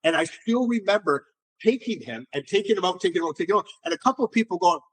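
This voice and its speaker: Man, middle-aged, fairly high husky voice, animated storyteller, restarts and repeats words. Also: fast talker. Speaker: entrepreneur guest. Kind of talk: casual storytelling interview.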